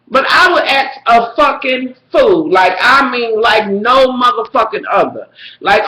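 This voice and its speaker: A woman telling a profane, dramatic story to her viewers, swinging between shrill squeals and low mutters. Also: sharp tone, echoey room, poor audio. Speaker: vlogger. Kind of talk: profane storytelling rant to camera.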